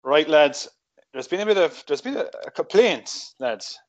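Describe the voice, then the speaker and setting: A man's voice: a little high, expressive, normal speed, lo-fi sound. A man running a podcast quiz in a mock-indignant, hesitant way. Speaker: podcast co-host and quizmaster. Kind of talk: casual banter.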